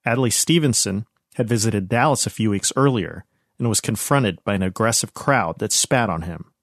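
A man narrating a history podcast as host, in a measured, even storytelling manner. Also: lowish voice, no room sound, studio quality.

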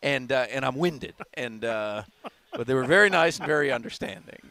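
A man's voice: medium pitch, fast talker, vocal fry, pushed and bright, no room sound. A man hosting a live talk radio show, chatting in a rambling, self-amused way from a remote broadcast. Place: bar or restaurant remote broadcast.

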